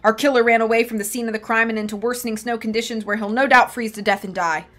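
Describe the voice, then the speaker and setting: A woman reading aloud, voicing a blustering, self-important male deputy sheriff in a brash, loud manner. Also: fairly high pitch, steady tone, fast talker, lightly acted. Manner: pompous and brash, louder than the narration.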